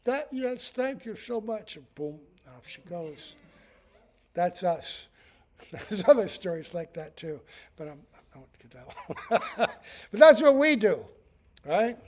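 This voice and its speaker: A man's voice: high voice, animated, takes it slowly, long pauses. A man, a monk, giving a devotional scripture class in a conversational way, chuckling often and using many fillers.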